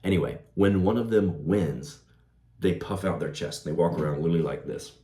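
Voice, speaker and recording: A young man with a low, dark voice gives casual self-improvement advice at a brisk pace. He's laid-back, laughs easily, and keeps dropping "bro" and "like," all in a roomy echo.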